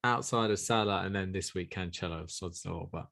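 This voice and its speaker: A man's voice: sits low, a little fast, gravelly, fairly bright tone. A man co-hosting a podcast, reading listener questions and chatting wryly. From southern England. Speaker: podcast co-host.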